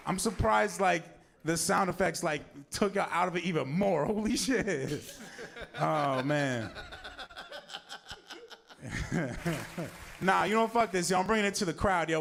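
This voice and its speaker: A man's voice: on the high side, lively intonation, a little slow, gravelly, fairly bright tone. A man hosting a comedy show in a small venue, joking loosely and laughing at his own flops. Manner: laughing, self-mocking, loose banter. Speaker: show host. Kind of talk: hosting a comedy open mic. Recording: crowd and noise in a small venue.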